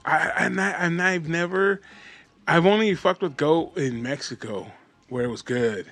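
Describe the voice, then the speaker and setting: A man's voice: on the high side, a little slow, fairly bright tone. Laid-back man rambling about food. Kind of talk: casual chat.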